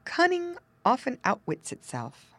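Expressive woman reading a fable. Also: high voice, measured pace, breathy edge, dry recording. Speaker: narrator. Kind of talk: scripted storybook narration.

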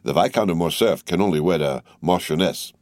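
A man's voice: low voice, fairly quick, darkish tone, dry recording, clean studio sound, close to an everyday voice. A man reading a mocking young journalist. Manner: mocking, teasing.

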